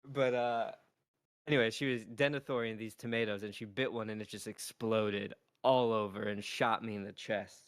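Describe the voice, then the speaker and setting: A man's voice: lowish voice, moderate pace, smooth, dry recording, studio quality. A man co-hosting a podcast, telling jokey stories in casual chat over a video call. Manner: animated storyteller, jokey. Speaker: podcast co-host.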